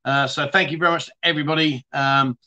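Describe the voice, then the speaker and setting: A middle-aged man from the UK hosts a relaxed livestream, working through viewer comments one after another. He talks in a chatty, blunt way, swears casually and keeps calling people mate. His voice is bright and sits slightly high for a man. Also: fast. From United Kingdom. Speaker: livestream host.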